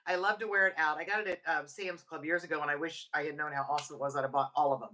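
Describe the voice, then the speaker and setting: Bright-voiced animated woman storyteller. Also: sits low, racing, slight background noise. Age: 50s. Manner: animated storyteller, laughs often. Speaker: podcast co-host. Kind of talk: casual chat.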